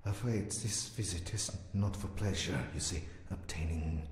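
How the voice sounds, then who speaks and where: An actor playing a sinister male villain who hunts women for his experiments, speaking slowly and commandingly. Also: sits low, a little mellow, natural voice. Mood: menacing. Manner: slow, menacing, commanding. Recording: echoey reverberant room.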